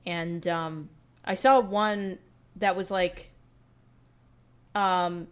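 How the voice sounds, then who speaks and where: A woman's voice: fairly low pitch, steady tone, very slow, smooth. A woman talking casually and at length, full of fillers, as an online personality in a played clip. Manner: chatty, filler-heavy. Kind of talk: casual monologue.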